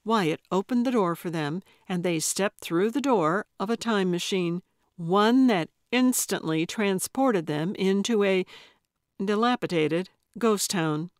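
A woman narrating a cozy mystery audiobook in measured, even storytelling on a close studio mic. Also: medium pitch, dry recording. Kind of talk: scripted narration.

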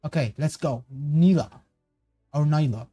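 A man's voice: on the high side, a little slow, breathy edge, no room sound, faint music behind. A man streaming a casual reaction to game cards, rambling and correcting himself as he goes. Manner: rambling, self-correcting, excitable tangents.

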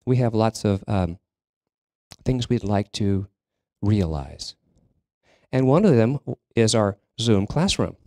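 A man delivering a sermon to his congregation in a slow, unhurried cadence, often pausing and restarting mid-sentence. His voice is low and mellow, recorded close and dry with little room sound. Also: lively intonation, no room sound. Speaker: minister. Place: church sanctuary.

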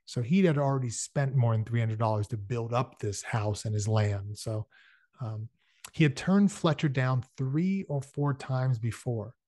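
A man reads a novel aloud and breaks off for casual asides, with fillers. His voice is middle-pitched. The sound is dry and close. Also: measured pace, darkish tone, no room sound. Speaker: reader. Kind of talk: reading a novel aloud with commentary.

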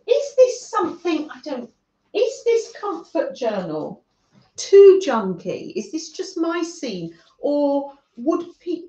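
A woman from northern England who hosts a craft livestream, chatting gently with viewers by name and often laughing as she works. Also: a little high. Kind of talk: casual chat with live viewers while crafting. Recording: echoey room, dull lo-fi sound.

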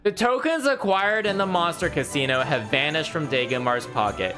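A man's voice: fairly high pitch, expressive, moderate pace, hardly any pauses. A man casually commentating a video game playthrough, crude, sarcastic and profane. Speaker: let's play host. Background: game music.

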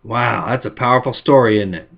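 A man preaching a sermon as pastor, telling stories and acting out quotes with lively emphasis. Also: medium pitch, brisk, gravelly, muffled recording.

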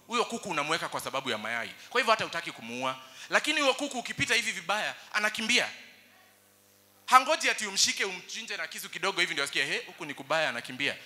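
Young Kenyan male pastor, animated sermon delivery, high and bright. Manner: animated preaching, switching between English and Swahili.

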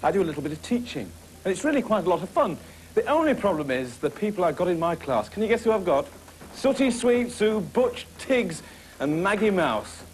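A man hosting a children's puppet show, playing a brisk, jovial teacher who scolds his puppets. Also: sits high, very animated, a little hiss or hum.

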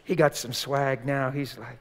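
An older man preaching a sermon, telling a story in a colloquial, animated way and acting out the dialogue. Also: mid-range voice, a little slow, big-room sound. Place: church sanctuary.

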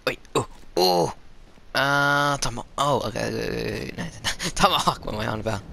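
Male gaming commentator, excitable and rambly, bright tense tone. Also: mid-range voice, fairly quick, vocal fry, a little hiss or hum. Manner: excitable, rambling, swears and laughs often. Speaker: gaming video creator. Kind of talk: live gameplay commentary.

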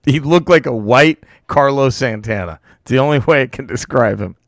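A man's voice: moderate pace, no room sound. A man co-hosting a podcast, telling a comedy road story in a loose, casual way. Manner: animated, laughing storyteller who breaks into squeaky laughter.

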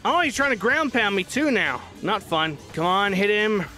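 A cheerful young anime martial arts hero, put on by a man with a high, bright, sharp tone. His voice leaps up and down as he gets excitable and hollers in frustration over a video game. The delivery stays upbeat and boyish throughout. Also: moderate pace, soft background music, full character voice. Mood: focused. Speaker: gaming channel host. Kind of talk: in-character gameplay commentary.

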